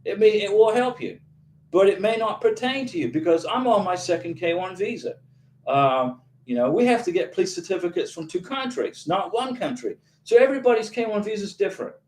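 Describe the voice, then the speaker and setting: A man with a high voice and darkish tone hosts a casual YouTube livestream in an echoey room. He reads viewer questions aloud and answers them emphatically and encouragingly.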